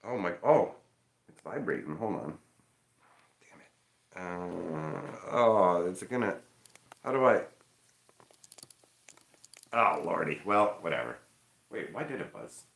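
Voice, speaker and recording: Man, casual livestream chat, loud and energetic, swinging pitch, roomy sound from off-mic. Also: slow pace, creaky, long pauses, recorded from a distance. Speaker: streamer.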